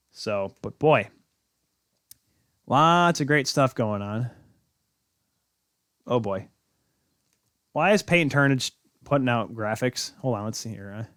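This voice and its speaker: Male sports podcast host, mid-pitch, rambling and jokey, dry close mic. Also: fairly bright tone, dry recording. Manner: rambling, self-correcting, jokey. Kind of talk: casual sports talk.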